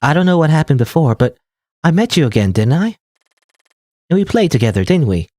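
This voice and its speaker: A man voicing an earnest, soft-spoken young girl heroine while playing a game, close to his own voice. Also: a little high, big pitch swings, a little fast, dry recording. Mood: tender.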